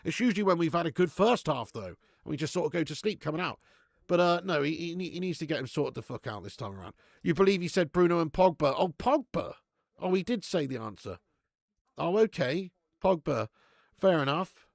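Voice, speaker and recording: A man's voice: a little high, very animated, brisk, vocal fry, no room sound, studio quality. A man hosting a live football watch-along, reading out viewer chat and ranting bluntly with plenty of swearing. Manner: reads out viewer chat messages.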